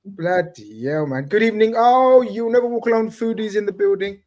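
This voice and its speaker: Man, live-stream host, excitable, casual swearing, slightly high voice. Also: normal speed.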